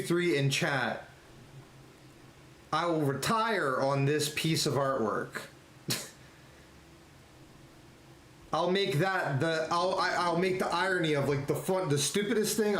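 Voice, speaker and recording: A man chatting casually on a live game stream, excitable and rambling, laughing often. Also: fairly high pitch, a little hiss or hum. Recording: echoey room with faint ambience.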